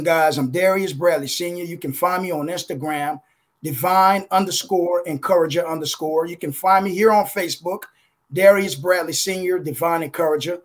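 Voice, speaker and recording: A man whose voice sits on the high side gives a preacherly, emotional testimony as a contributing author over video call. To drive points home he slows down, and he keeps calling out "listen" and "guys."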